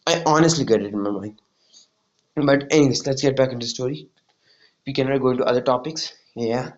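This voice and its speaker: A man's voice: mid-range voice, a little fast, dull audio. A man casually retelling a fan-made story, rambling with many "like"s and "you know"s.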